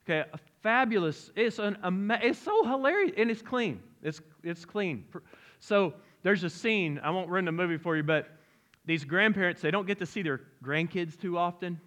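A middle-aged man preaching a sermon in a church, lively and conversational, joking and asking the congregation direct questions. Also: sits high, normal speed. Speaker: pastor. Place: church sanctuary.

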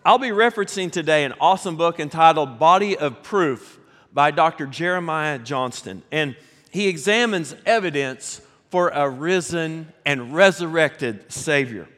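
Southern pastor with a higher voice. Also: male voice, normal speed. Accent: Southern American. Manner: folksy, animated storytelling with laughs. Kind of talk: sermon with storytelling. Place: large church sanctuary. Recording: long hall reverb.

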